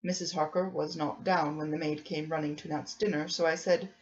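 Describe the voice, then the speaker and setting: A woman narrating an audiobook of a classic novel in a calm, measured reading. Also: low voice. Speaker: audiobook reader. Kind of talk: scripted narration. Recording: dull lo-fi recording.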